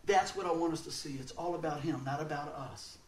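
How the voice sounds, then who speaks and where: A man giving a sermon, telling stories in an animated way and laughing often as he talks. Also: fairly high pitch, brisk, a little hiss or hum. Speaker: preacher. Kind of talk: storytelling sermon. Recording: roomy sound, mic at a distance.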